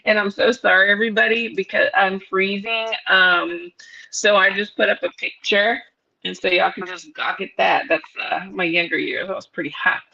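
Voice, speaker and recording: A woman hosts a casual live-stream chat with a bright, forward tone. She talks loosely, full of fillers, and laughs easily. The stream audio sounds muffled and lo-fi. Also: medium pitch, steady tone, moderate pace, vocal fry. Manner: chatty, laughs often, many fillers. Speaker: host.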